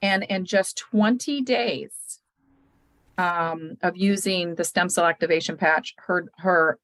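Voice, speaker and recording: A woman hosting a casual chat, telling customer stories with lively retold quotes. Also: lowish voice, slow pace, no room sound. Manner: animated storytelling, retells others' words.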